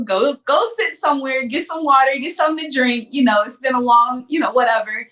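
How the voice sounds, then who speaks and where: A woman's voice: high voice, brisk, hardly any pauses, a bit bright. A young adult woman, a guest athlete on a podcast, telling stories casually and acting out her own past words. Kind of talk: casual storytelling in an interview.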